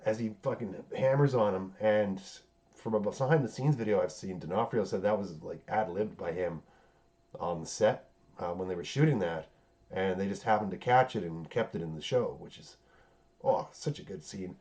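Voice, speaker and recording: On a dull, lo-fi recording, he goes over the TV series at a moderate pace in a lowish, slightly mellow voice. It's a loose, rambling chat, heavy with swearing and fillers.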